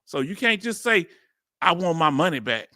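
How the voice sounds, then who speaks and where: Animated Southern man reacting, high bright voice. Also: moderate pace, no echo, clean studio sound. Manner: animated, incredulous, street slang, laughs often. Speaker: video host reacting to a hearing. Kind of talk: casual reaction commentary.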